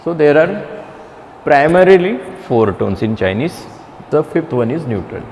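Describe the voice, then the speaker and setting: A man teaching a beginner Chinese class, speaking haltingly with many restarts and fillers. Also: fairly high pitch, big pitch swings, a little mellow, big-room sound, slight background noise. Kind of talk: classroom lecture.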